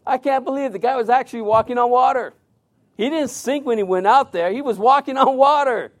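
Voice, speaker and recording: A man with a notably high-pitched voice preaches a sermon in an easygoing, conversational way. He slips into animated storytelling and acts out the lines of the people in his story. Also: normal speed.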